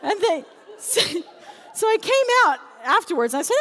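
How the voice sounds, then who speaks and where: Animated woman telling church stories. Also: very high voice, moderate pace, big-room sound. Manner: animated, laughing anecdotes. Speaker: children's ministry speaker. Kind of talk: storytelling talk.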